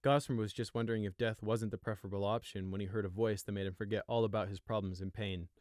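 A man reading a story aloud in a steady, even storytelling voice. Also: on the low side, fast, no echo, clean studio sound. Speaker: audiobook narrator. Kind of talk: storybook narration.

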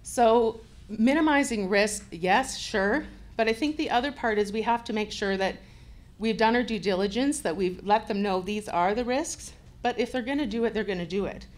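A woman's voice: on the high side, normal speed. A woman from Canada, a care home administrator, speaking earnestly on a panel as an advocate for residents. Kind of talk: panel talk.

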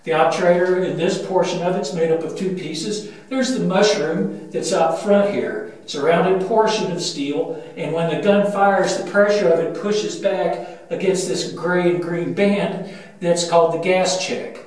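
An older man guides listeners through a battleship's gun turret, explaining each step methodically and pausing often on "uh". His fairly high voice booms around the hard steel walls. The mic sits some distance away, so he sounds roomy and remote. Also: a little mellow. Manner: methodical, pauses with frequent "uh" fillers. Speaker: museum ship guide. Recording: booming metal-room echo, mic at a distance.

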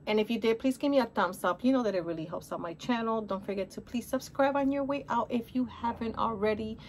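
A woman's voice: a little high, a bit bright, slight background noise. Chatty middle-aged woman with Spanish accent. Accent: Spanish-accented English. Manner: chatty and upbeat, calls viewers honey. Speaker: haul vlogger. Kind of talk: casual shopping haul chat.

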